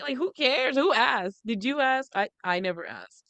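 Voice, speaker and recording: A woman's voice: fairly high pitch, expressive, normal speed, fairly bright tone, no echo, muffled recording. A woman co-hosting a podcast in casual chat, gossiping bluntly with frequent cursing and laughing through her sentences. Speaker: podcast co-host.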